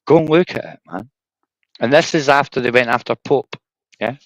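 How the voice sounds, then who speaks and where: A man's voice: mid-range voice, normal speed, no echo, low-quality recording. A Scottish man hosting a livestream, chatting casually in a rambling, sweary way and tacking "right?" onto his sentences. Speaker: livestream host. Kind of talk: casual chat.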